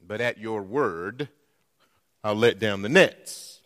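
A man preaching a sermon as a pastor, posing rhetorical questions to the congregation in a deliberate way. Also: medium pitch, a bit bright. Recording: long reverb in a church hall.

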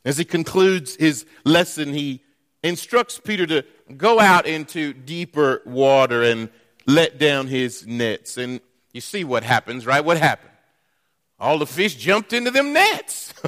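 Man, pastor, sermon, unhurried, rhetorical questions, lingering church reverb. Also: on the high side, expressive, fairly bright tone. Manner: deliberate, asks the congregation rhetorical questions. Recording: long reverb in a church hall.

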